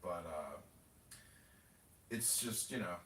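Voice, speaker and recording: A man's voice: deep voice, animated, takes it slowly, a bit bright. Rambling, mocking man, roomy and distant. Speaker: political candidate and podcast host. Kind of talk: casual podcast chat. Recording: roomy audio from away from the mic with faint noise.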